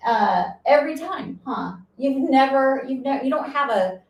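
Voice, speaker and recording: A woman's voice: high-pitched, animated, a little slow, roomy sound, distant mic, poor audio. A woman co-hosting a fishing show, chatty and teasing, laughing often in a casual conversation. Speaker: co-host. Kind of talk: casual podcast chat.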